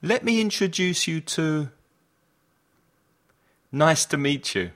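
A man's voice: on the high side, expressive, takes it slowly, pauses often, a bit bright. A man reading travel phrases aloud for learners, one at a time, each with a falling end. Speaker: phrase reader for language learners.

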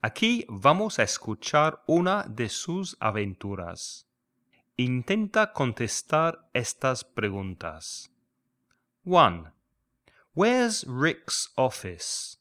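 A man teaching a language lesson, enunciating slowly and carefully through repeated drills. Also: medium pitch, very animated, bright, forceful tone.

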